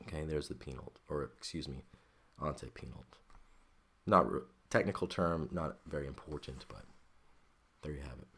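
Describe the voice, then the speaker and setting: A man's voice: extremely low pitch, normal speed, gravelly, breathy edge. A man teaching a Greek grammar lesson, working patiently step by step and often checking in with "okay?".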